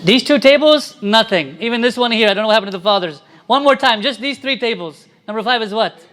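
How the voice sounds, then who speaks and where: A man's voice: high voice, expressive, quick pace, a bit bright. A man preaching a sermon as a priest, quizzing his congregation and pressing his points with emphasis.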